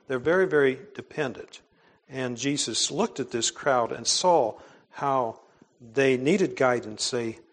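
Male pastor, mid-pitched voice, earnest, conversational sermon delivery with quiet trailing phrase ends. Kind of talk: conversational sermon with scripture reading.

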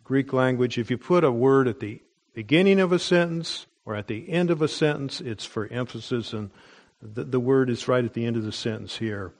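A middle-aged man teaching a Bible study sermon, deliberate, with frequent pauses and restarts. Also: medium pitch.

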